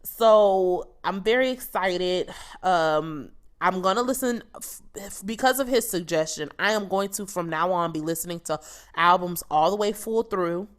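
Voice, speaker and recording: A woman's voice: on the low side, a little slow. A young woman hosting a solo podcast, giving a casual, candid album review in a chatty, blunt way with some swearing. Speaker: podcast host.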